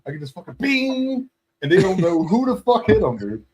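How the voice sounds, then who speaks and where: A man's voice: sits high, sing-song, moderate pace, a little mellow. A man co-hosting a podcast, laughing a lot and egging his partner on in casual banter. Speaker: podcast co-host.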